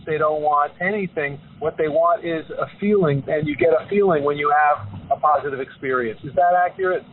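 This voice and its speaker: Man hosting a podcast over a thin line. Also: on the high side. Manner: probing, paraphrases guest's points. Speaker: podcast host. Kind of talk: interview questions, summarizing. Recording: tinny phone-line sound with faint noise.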